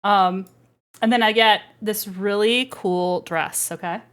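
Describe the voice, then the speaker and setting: A woman's voice: mid-range voice, fairly even intonation, slow, fairly bright tone, smooth. A woman VTuber chatting casually on a livestream, giggly and rambling, playful. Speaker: VTuber streamer. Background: faint background music.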